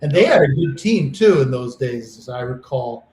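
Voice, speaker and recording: A man's voice: medium pitch, animated, moderate pace, a little mellow, slight background noise. Echoey-sounding man co-hosting a sports show. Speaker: co-host interviewer. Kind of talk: radio interview.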